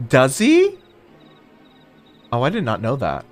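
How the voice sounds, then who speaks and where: A man's voice: mid-range voice, wildly swooping pitch, takes it slowly, faint music behind. Chatty, rambling male streamer. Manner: rambling, chatty, self-mocking. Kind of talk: casual gameplay commentary.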